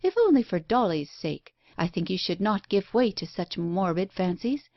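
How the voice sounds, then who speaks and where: A woman voicing a brusque, blunt, impatient unmarried woman who talks in a sharp, scolding way. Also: mid-range voice, expressive, moderate pace, dry recording, highs cut off, lightly acted.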